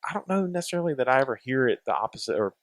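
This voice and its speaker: A man who is a guest on a podcast, talking in casual chat and thinking aloud in a measured way. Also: medium pitch, big pitch swings, fairly bright tone, no echo, clean studio sound.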